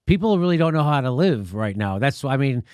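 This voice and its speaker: A man's voice: mid-range voice, sing-song, fast talker, darkish tone, smooth, dry recording, clean studio sound. A man hosting a talk show, chatting casually and rambling through an anecdote with frequent swearing. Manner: rambling storyteller, swears freely. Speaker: host. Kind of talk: casual interview chat.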